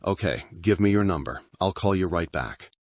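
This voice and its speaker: A man voicing a calm, wary male colleague working with the police, speaking in a measured, careful way. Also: deep voice, no room sound.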